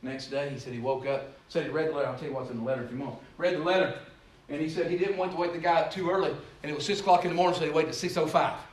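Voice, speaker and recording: Storytelling preacher in an echoey hall. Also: male voice, fairly high pitch, fairly even intonation, very fast, few pauses. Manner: storytelling, rambling, rising to loud exhortation. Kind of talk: sermon. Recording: echoey room, distant mic, faint noise.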